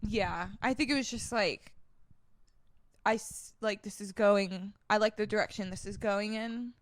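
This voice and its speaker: A woman's voice: medium pitch, a little slow. A woman in her twenties co-hosting a casual podcast, chatty and giggly with lots of fillers, sounding sleep deprived. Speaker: podcast co-host. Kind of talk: casual chat.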